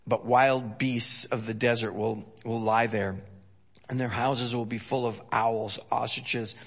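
A man preaching a sermon in a folksy, joking way, swinging from loud emphasis to hushed storytelling. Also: medium pitch, steady tone, a little slow, slightly rough. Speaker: pastor.

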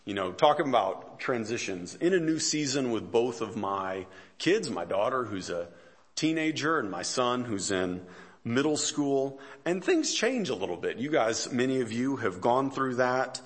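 A pastor in his forties delivers a sermon as relaxed, conversational storytelling. He pokes gentle fun at himself, laughs lightly between lines and circles back with fillers and restarts. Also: mid-range voice, a little slow. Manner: conversational storytelling with self-deprecating humor.

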